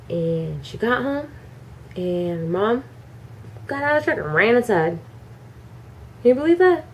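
A woman telling her child a bedtime story, animated and acting out the characters. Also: a little high, measured pace, long pauses, muffled recording. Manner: animated, acts out every character.

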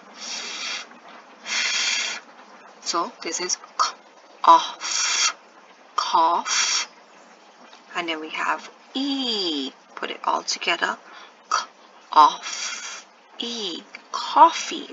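In this recorded phonics lesson, a woman slowly pronounces each letter and asks her pupils questions. She speaks at a fairly low pitch, her tone crisp and bright with some gravel to it, over a dull, lo-fi recording carrying a faint hiss.

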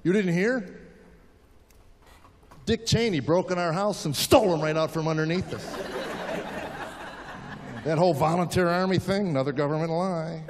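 A man in his fifties performing a stand-up comedy routine, telling animated stories and acting out the people in them. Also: fairly high pitch, a little fast, long pauses. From United States. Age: 50s. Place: stage in a large venue. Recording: live show in a big hall, audience and room noise behind. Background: audience laughing and applauding.

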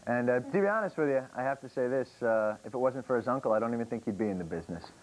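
A man's voice: mid-range voice, lively intonation, rapid-fire, poor audio. A young man hosting a TV talk show, joking and teasing his guest. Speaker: host.

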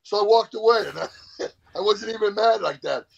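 Gravelly, profane man telling a story. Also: high-pitched, normal speed. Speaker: powerlifter guest. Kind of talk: casual storytelling interview. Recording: dull lo-fi sound.

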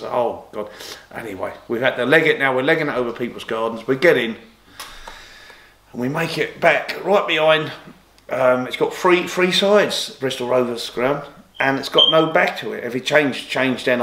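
A man spins long football anecdotes in an easygoing interview, stumbling over restarts and livening up whenever he acts out what others said. His voice sits at a middle pitch and carries a noticeable room echo. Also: a little hiss or hum. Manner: rambling anecdotes with many restarts, animated when quoting others. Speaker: interview guest, former boxer and golfer. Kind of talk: casual storytelling interview.

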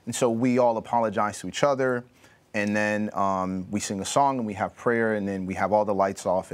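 Man, somewhat low voice, panelist, relaxed anecdote, lots of ums. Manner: relaxed storytelling, many fillers. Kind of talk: personal story in a panel discussion.

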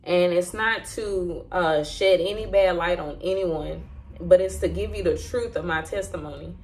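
A woman sharing an emotional personal testimony in a candid, halting way, with many fillers and restarts. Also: fairly low pitch, darkish tone, slight background noise. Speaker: Christian vlogger sharing a testimony.

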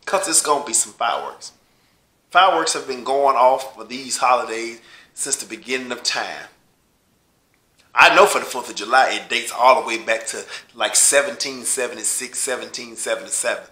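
Profane ranting LA man, bright voice. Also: normal speed, roomy sound. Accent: Los Angeles. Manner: swearing, heated, louder and higher when riled. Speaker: host of a rant show.

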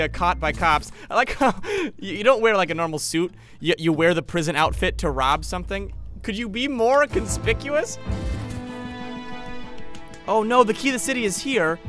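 A young man doing comedic video game commentary, excitable and giggly, with sudden yelps. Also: high-pitched. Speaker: gaming YouTuber. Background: game music.

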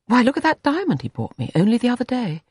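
A reader voicing a young wife torn between her husbands, speaking in a high, breathless, pleading way. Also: wildly swooping pitch, quick pace, breathy edge, dry recording, studio quality. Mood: musing.

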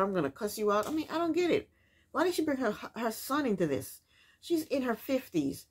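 A woman's voice: fairly high pitch, slightly rough. A woman casually recapping a reality TV episode, with incredulous, opinionated commentary and rhetorical questions.

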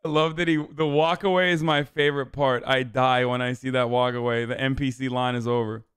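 A man streaming his reactions to clips, with animated, amused remarks in casual commentary. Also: mid-range voice, a little fast, noisy background.

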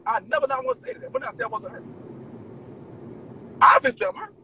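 A man venting to his viewers in an animated, profane, emphatic rant. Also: very high voice, a little fast, creaky, slight background noise, poor audio. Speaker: vlogger. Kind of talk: ranting straight to camera.

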